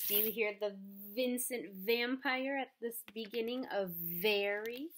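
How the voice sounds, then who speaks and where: A woman who teaches preschool, reading a picture book aloud and then walking young children through letters in a gentle, encouraging, sing-song way. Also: a little high, a little slow, a little hiss or hum.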